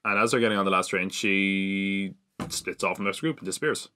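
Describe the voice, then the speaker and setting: Male podcaster, chatty solo recap, slightly low voice with a sharp edge. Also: fairly even intonation, brisk. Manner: chatty, rambling, with frequent fillers and self-mocking laughs. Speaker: podcast host. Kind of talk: casual solo TV episode recap.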